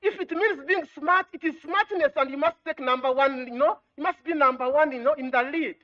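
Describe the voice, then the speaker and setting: A woman's voice: high-pitched, brisk, dull audio. A woman, an education official addressing students, repeating points, asking rhetorical questions and often saying "you know.". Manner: exhorting, repetitive, with rhetorical questions; frequent "you know" fillers.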